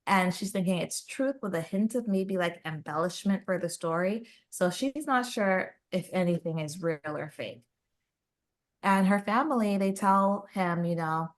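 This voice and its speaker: A woman chatting on a book podcast, recounting a love story. Her voice sits low, and she jumps up into high, squeaky tones when she quotes the characters. The delivery is casual and animated. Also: measured pace. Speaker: podcast co-host. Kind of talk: casual book recap chat.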